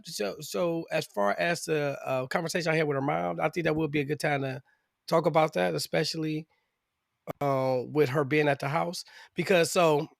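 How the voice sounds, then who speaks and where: A man's voice: a little high, creaky, no room sound, clean studio sound. A man co-hosting a casual true-crime podcast, rambling and restarting as he lays out a case. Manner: rambling, full of fillers and restarts. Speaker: podcast co-host.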